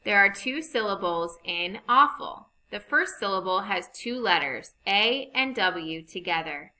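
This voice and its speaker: A woman teaching a phonics lesson over slides, reading rules and example sentences slowly and deliberately. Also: mid-range voice, animated, pushed and bright, poor audio.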